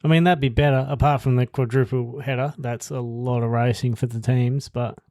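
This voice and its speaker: A man's voice: mid-range voice, brisk, dry recording, studio quality. Easygoing man in casual podcast chat. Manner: relaxed, hesitant, laughs easily. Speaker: podcast co-host.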